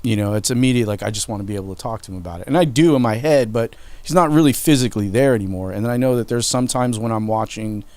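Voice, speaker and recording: Smooth-voiced man telling family stories. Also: on the low side, quick pace, hardly any pauses, a little mellow, no echo. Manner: candid, emotional, swears freely. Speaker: podcast host. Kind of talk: casual storytelling.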